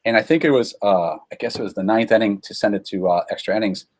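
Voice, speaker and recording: A man guest telling sports stories in a casual, animated, self-deprecating way. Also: fairly low pitch, fast talker. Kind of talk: casual storytelling.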